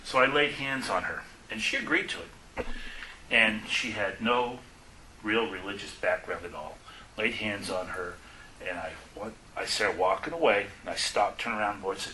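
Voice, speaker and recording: A man with a low, sharply bright and forceful voice delivers a testimony-style sermon. He tells his stories by acting out each exchange, sinking to a near whisper for the quoted lines. A faint hiss of noise sits under the recording. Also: moderate pace, poor audio. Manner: storytelling, acts out quoted dialogue, drops to a hushed voice for quotes. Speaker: preacher.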